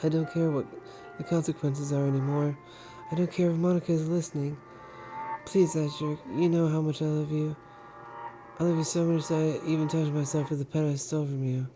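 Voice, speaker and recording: A man's voice: on the high side, level tone, brisk, over music, voice pushed up, lightly acted. A man reading aloud the lines of an obsessive, unhinged, lovestruck young woman in a plain voice. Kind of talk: reading game dialogue aloud.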